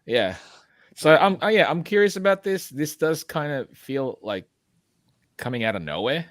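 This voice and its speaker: A man's voice: on the high side, animated, normal speed, dry recording. A man co-hosting a podcast in casual chat, hesitant and musing, with plenty of fillers. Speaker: podcast co-host.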